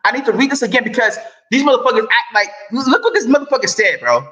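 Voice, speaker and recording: Young male vlogger, high bright voice, impassioned profane rant. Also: animated, fast, dull audio. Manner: profane and impassioned, swings between muttering and shouting. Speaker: online sports commentator. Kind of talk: heated ranting commentary.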